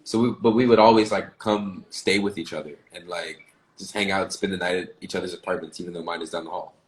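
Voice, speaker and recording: A young American actor from the South chatting casually on a livestream video call, relaxed and quick to laugh. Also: male voice, deep voice, poor audio. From Southern United States. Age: young adult. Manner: laid-back, laughs often, drawls words slowly at times. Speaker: actor guest.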